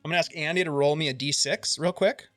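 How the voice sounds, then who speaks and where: Man, high and bright, chatty game master. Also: fast, faint music behind. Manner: loose and chatty, with frequent filler. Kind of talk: narrating a tabletop game.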